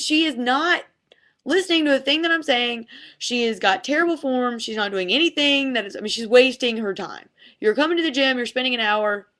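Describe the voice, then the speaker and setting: A young woman, a fitness instructor, telling a personal faith story to camera in a chatty, animated way, full of "like"s, and acting out what people said. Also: a little high. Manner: chatty, animated retelling with many "like"s, acting out quotes. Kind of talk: casual devotional storytelling to camera.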